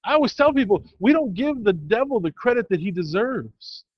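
A man preaching an informal sermon in a church, telling a story in a rambling, halting way full of restarts. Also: sits high, very animated, no room sound, dull audio.

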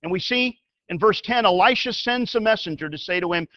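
A man preaching a sermon as a pastor. He tells the story in an animated way and swings from loud to hushed. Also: high-pitched, fairly quick, no room sound, dull audio.

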